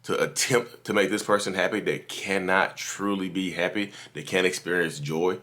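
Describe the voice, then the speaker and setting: Low-pitched and sharp-toned, this man keeps his delivery steady at a normal speed. He hosts a podcast from his office, offering casual, preachy advice directly to listeners, going over the same points and addressing them as "y'all."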